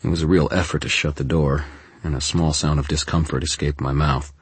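An audiobook narrator tells a first-person story in a measured, deadpan manner. His extremely low voice has a husky, breathy grain, recorded close and completely dry with no room sound.

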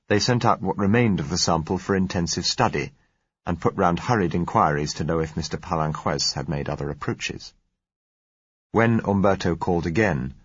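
A man narrating an audiobook in an even, measured way. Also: sits low, husky, no echo, lo-fi sound.

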